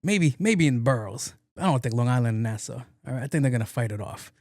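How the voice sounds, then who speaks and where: Brief: young NY man, solo podcast host, loose and profane, mid-pitched, dry close sound. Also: expressive, fast, darkish tone, dry recording. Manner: rambling, profane, slangy, acts out quotes. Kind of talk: casual solo podcast chat.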